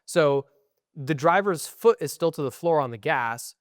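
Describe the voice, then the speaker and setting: A young adult man co-hosting a podcast speaks in a slightly high, animated voice, a little slowly, over clean studio sound with no echo. In casual chat, he rants in a profane, frustrated way.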